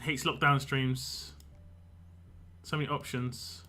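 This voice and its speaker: A man's voice: mid-range voice, steady tone, slow pace, pushed and bright. A man, a game streamer, chatting casually and rambling on a live stream, laughing often.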